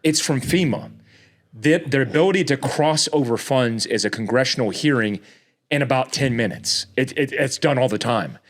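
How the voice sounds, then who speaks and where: A man talking as a podcast guest in casual chat, ranting heatedly, often restarting his words and jumping up in pitch when exasperated. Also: expressive, normal speed. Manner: frequent restarts and repeated words.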